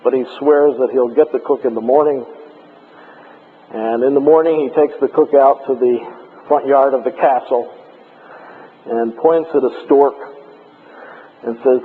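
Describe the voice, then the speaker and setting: A man giving a classroom lecture on logic, explaining points in a measured way with frequent pauses. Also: medium pitch, steady tone, slightly rough. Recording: tinny lo-fi lecture tape with faint hiss.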